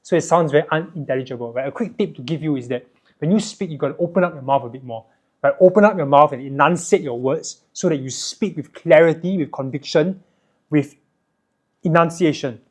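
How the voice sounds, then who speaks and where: A young Singaporean man with a Singaporean English accent, teaching sales and communication skills in an energetic, emphatic way, often checking in with a quick "right?". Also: fairly high pitch. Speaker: sales and self-help educator. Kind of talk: direct-to-camera teaching monologue.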